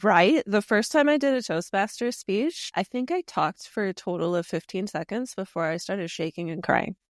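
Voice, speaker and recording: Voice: mid-range voice, normal speed, no room sound, clean studio sound. A podcast host in casual conversation who talks reflectively and hesitantly, with many fillers.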